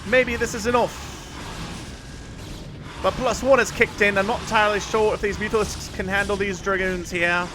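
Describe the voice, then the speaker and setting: A man's voice: steady tone, moderate pace, over music, close to an everyday voice. A man putting on a hyped Australian caster. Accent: put-on Australian. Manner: exaggerated slang, raised pitch, loud. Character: cheery over-the-top Australian male game caster. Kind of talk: mock-Australian game commentary.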